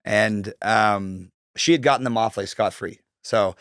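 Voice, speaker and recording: A Canadian man in his thirties tells a story in a loose, profane way, full of likes and ums. His voice sits a little low. The sound is dry and close, with no room around it. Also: measured pace, a bit bright, no echo. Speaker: guest. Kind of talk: casual storytelling interview.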